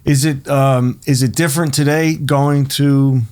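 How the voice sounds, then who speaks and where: A man's voice: mid-range voice, steady tone, a little slow, darkish tone, clean tone. A man with a mid-range voice co-hosts a casual podcast, chiming in with short supportive remarks and easy questions. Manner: brief supportive interjections. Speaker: podcast co-host.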